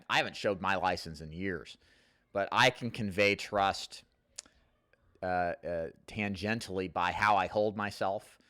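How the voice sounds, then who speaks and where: A man's voice: low voice, bright, forceful tone, smooth, no echo, clean studio sound. A man hosting a live call-in Q&A, coaching sales agents in a rambling, casual way and reading viewer comments aloud. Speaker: host answering live chat questions.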